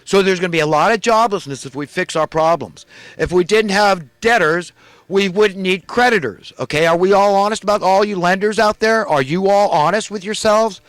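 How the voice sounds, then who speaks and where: A man's voice: sits high, a little fast, a bit bright, no room sound. A man preaching an angry, indignant monologue, ranting with repeated emphatic phrases. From California. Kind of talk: impassioned monologue.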